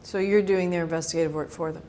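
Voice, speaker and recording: A woman correspondent asking calm, probing interview questions. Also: on the low side, fast, slight background noise.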